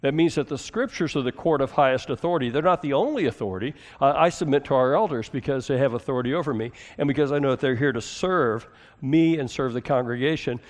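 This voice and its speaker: A man preaching a sermon as a pastor, conversational, asking the congregation questions and moving between emphatic and hushed delivery. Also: medium pitch, quick pace.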